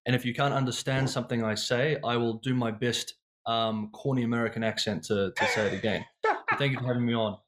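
A man in his thirties with a New Zealand accent speaks as an interview guest. He explains things in a polite, measured way, at a middle pitch. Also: steady tone, a bit bright. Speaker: guest, China consultant. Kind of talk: casual interview.

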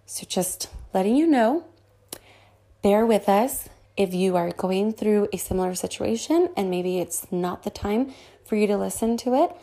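A young woman hosting a casual podcast, bubbly and quick to laugh, with a voice she calls high-pitched. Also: lively intonation, warm tone. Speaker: podcast host.

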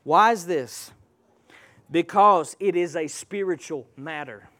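A man's voice: fairly high pitch, takes it slowly, bright, forceful tone. A man preaching a sermon, emphatic and calling out to the congregation.

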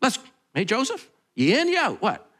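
A preacher putting on a bright, teasing voice for Jesus, who eagerly coaxes his friends into a boat. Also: moderate pace, full character voice. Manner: teasing, high and lively.

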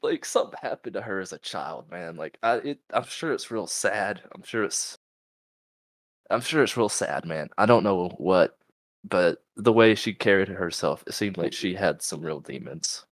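A man's voice: low voice, animated, moderate pace, no echo. A young man co-hosting a podcast in casual, profane, rambling chat, at times reading a post aloud and reacting to it. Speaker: podcast co-host.

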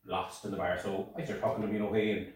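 A man co-hosting a podcast, telling stories in a loose, animated way with frequent laughs. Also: low-pitched, very fast. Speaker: podcast co-host. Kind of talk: casual chat. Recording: echoey room, mic at a distance.

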